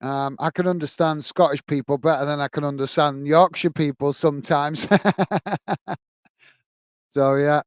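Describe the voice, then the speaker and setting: An English man hosts a football watch-along stream, chatting casually and thanking viewers by name as he reads their comments. His voice sits a little high for a man, smooth and clear. The close mic gives a dry, intimate sound. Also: steady tone, normal speed, long pauses, no echo. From England. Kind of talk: casual live-stream chat.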